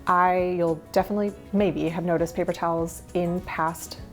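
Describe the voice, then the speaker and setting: A woman's voice: fairly low pitch, steady tone, moderate pace, soft background music. A woman in her thirties talking through her minimalist habits in a casual vlog, chatty and candid with small laughs and asides. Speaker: minimalist lifestyle vlogger.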